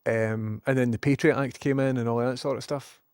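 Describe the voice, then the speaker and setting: A man's voice: mid-range voice, fairly even intonation, fairly quick, a little mellow, smooth, no room sound, clean studio sound. A man with a Scottish accent, ranting sarcastically and rambling as he chats to his live-stream viewers, swearing freely. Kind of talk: casual live-stream rant.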